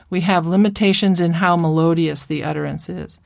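A woman's voice: on the low side, fairly even intonation, brisk, vocal fry, few pauses, darkish tone, no room sound, clean studio sound. A middle-aged woman speech therapist giving an instructional lecture, modeling a child's speech errors as she goes.

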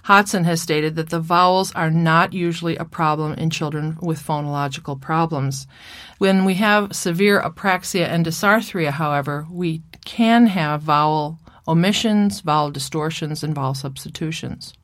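Middle-aged woman therapist, low voice, dry close sound; measured clinical lecture, demonstrates sounds slowly. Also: dry recording. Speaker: speech-language therapist. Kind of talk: recorded lecture with slides.

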